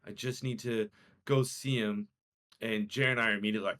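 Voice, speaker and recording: Young man, podcast co-host, low voice, animated storytelling, acts out quotes. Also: fairly quick. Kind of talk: casual storytelling chat.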